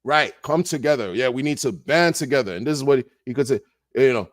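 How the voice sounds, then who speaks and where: A man ranting in a casual monologue, animated and sarcastic, repeating words and laughing often. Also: medium pitch, fast talker, no room sound, clean studio sound. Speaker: crypto commentator.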